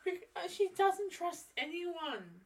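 Relaxed female podcast co-host. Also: extremely high pitch, slow pace, distant mic, slight background noise. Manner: relaxed, chimes in with short remarks and agreeing hums. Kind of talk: casual chat recapping a TV episode.

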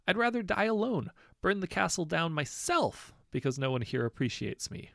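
A man's voice: sits high, sing-song, moderate pace, gravelly, a bit bright, no room sound, clean studio sound, voice pushed up, full character voice. Man doing a melodramatic whiny young prince. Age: 20s.

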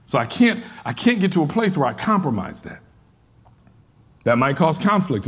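A man preaching a sermon as a pastor, talking conversationally and acting out the voices of churchgoers, rising at times to emphatic shouts. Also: on the high side, breathy edge.

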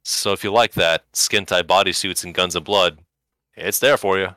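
A man co-hosting a casual podcast, recommending shows to his friends with animated, wry humor. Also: low-pitched, moderate pace, no room sound, clean studio sound. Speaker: podcast co-host. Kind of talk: casual chat.

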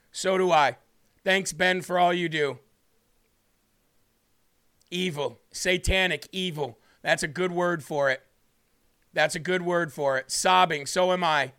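A man's voice: high voice, slow, long pauses, fairly bright tone, clean tone. A man hosting a live-streamed political talk show, fiery and indignant, repeating himself and reading chat comments aloud.

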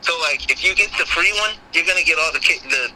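A man's voice: a little high, quick pace. A man in crude, casual podcast banter who swears freely and stammers on repeated words. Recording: noisy background.

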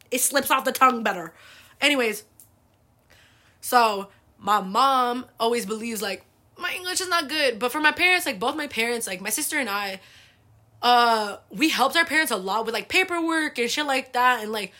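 A young adult woman hosting a podcast, telling animated, profane, laughing family stories in a casual way. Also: medium pitch. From United States. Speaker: podcast host. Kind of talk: casual storytelling.

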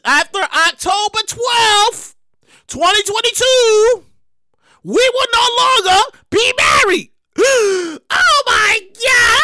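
A woman hosting her own show, ranting loudly and profanely in a comedic monologue, getting worked up and shouting. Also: extremely high pitch, dry recording, clean studio sound. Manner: loud, profane, excitable ranting. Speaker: show host.

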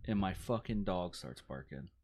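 A man's voice: deep voice, expressive, moderate pace, a little mellow. A man co-hosting a podcast in casual chat, laid-back and jokey, swearing freely as he tells stories. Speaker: podcast co-host.

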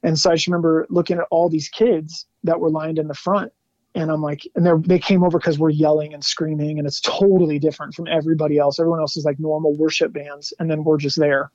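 A man guesting on an interview show, telling animated stories in a casual chat, laughing often and saying "like" a lot. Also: on the high side, quick pace, no echo, lo-fi sound. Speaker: guest musician.

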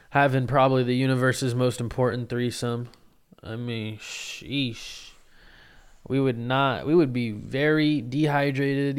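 A man with a gravelly, fry-edged voice that still sounds smooth and resonant, rambling through a casual podcast monologue. He talks in an excitable, profane way, piling on restarts and asides as he tells his story. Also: medium pitch. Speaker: podcast host and open-mic comedian.

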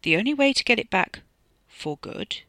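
A narrator voicing a gruff, laid-back young man in an audiobook, speaking low and quiet, often half-whispered. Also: animated, normal speed, dry recording. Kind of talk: audiobook character voice.

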